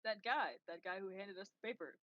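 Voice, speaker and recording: A woman's voice: medium pitch, a little fast, fairly bright tone, no room sound. Woman, tabletop player, playful, indignant, lo-fi dry recording. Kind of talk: tabletop role-play banter. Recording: dull, dry lo-fi audio.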